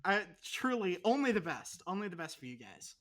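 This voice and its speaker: A woman's voice: fairly low pitch, very animated, fairly quick. A young woman co-hosting a podcast in casual chat, teasing her roommate with sarcastic, profane jabs. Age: young adult. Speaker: podcast co-host.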